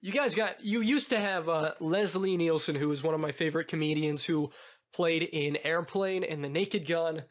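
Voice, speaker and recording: A man's voice: on the high side, normal speed. A man chatting casually as a podcast guest, rambling and laughing often. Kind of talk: casual chat. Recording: dull lo-fi podcast audio.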